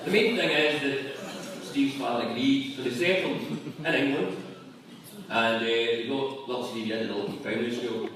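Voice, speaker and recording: A man delivers a comic after-dinner speech in a dry, deadpan way. His mid-range voice is picked up from across a large function room. The sound is heavily echoing, with steady room noise behind it. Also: mid-range voice, normal speed. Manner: dry, deadpan joke-telling. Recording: echoey hall from far off with room noise.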